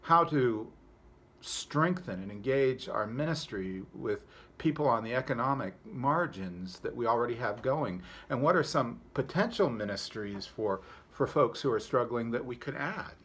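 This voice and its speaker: A man with a medium-pitched, husky voice speaks a little slowly as a pastor giving a devotional talk. He tells a folksy story, then reflects on it in a relaxed, conversational way.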